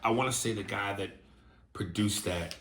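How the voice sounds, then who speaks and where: A man co-hosting a podcast in casual chat, a few drinks in, animated and swinging between low mumbles and excited outbursts. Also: normal speed, a little hiss or hum. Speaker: podcast co-host. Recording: roomy echo.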